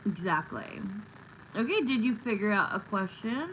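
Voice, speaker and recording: A woman's voice: medium pitch, very animated, normal speed, fairly bright tone, a little hiss or hum, rough recording. A woman hosting a tarot livestream, chatting casually and rambling with lots of fillers, recorded on a phone. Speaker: tarot reader livestream host.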